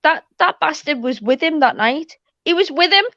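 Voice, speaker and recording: A woman with a slightly high voice spins her story in animated, foul-mouthed casual chat. The audio is dry and a little muffled, as from a live online panel. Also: normal speed, dry recording. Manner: animated storytelling, heavy swearing. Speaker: panel guest.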